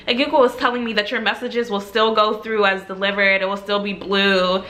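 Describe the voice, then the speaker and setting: A young woman casually telling a personal story to camera, chatty and animated, with lots of "like" and laughs. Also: a little high, brisk, few pauses. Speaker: storytime vlogger.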